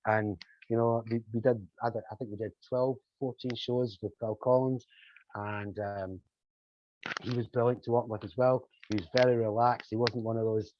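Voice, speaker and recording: An older man, a musician telling animated anecdotes as an interview guest. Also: lowish voice, a little hiss or hum. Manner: animated anecdotes, acting out quoted voices. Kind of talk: storytelling in a podcast interview. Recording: slightly dull lo-fi audio.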